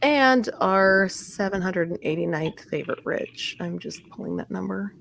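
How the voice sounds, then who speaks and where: A woman's voice: mid-range voice, expressive, moderate pace, gravelly, a bit bright, a little hiss or hum. A woman co-hosting a casual podcast, chatting loosely with friends, swearing freely and reading out a list of names. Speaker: podcast co-host. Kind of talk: casual chat.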